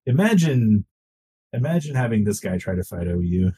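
A man's voice: on the low side, very animated, moderate pace, warm tone, slightly rough. A man co-hosting a casual gaming podcast, laid-back and casually profane. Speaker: podcast co-host. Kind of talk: casual podcast chat about an online game.

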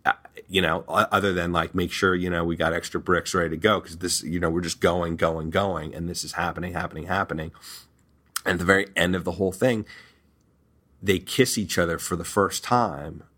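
A man's voice: deep voice, fairly even intonation, a little fast, fairly bright tone. A man working as a reality TV producer, telling a story candidly and earnestly, often repeating words for emphasis.

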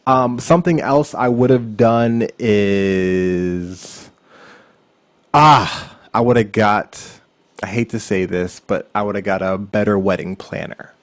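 A man, a wedding DJ and podcast guest, telling stories in a lively, laughing way. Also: fairly low pitch, slow pace, dry recording. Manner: animated storyteller, laughs often. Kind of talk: casual interview chat.

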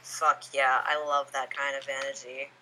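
A woman co-hosting a podcast in casual chat, animated, swearing freely and laughing a lot. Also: very deep voice, moderate pace, low-quality recording. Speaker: podcast co-host.

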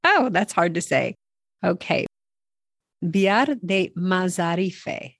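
A woman's voice: fairly low pitch, lively intonation, takes it slowly, no room sound, studio quality. A woman who is a native English speaker hosting a podcast language lesson, upbeat and self-deprecating as she prompts each word. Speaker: podcast host.

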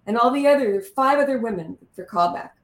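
A woman telling a lively anecdote in an interview, acting out the lines of the people in it. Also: fairly high pitch, a little fast. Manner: lively anecdote teller, acts out quotes. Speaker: guest. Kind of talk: animated storytelling in conversation. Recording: roomy echo.

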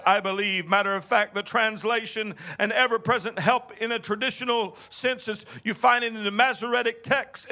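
High-voiced bright preaching pastor. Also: male voice. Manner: preaching, swings from loud shouting to quiet reflective talk. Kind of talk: sermon.

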